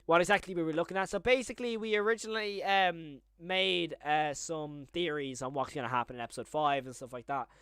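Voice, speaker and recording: A young man chats live on stream, rambling from one thought to the next and quick to get worked up. His voice sits a bit high for a man. The sound is dry and close, with no room around it. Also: clean tone, dry recording. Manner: chatty, rambling, easily excited.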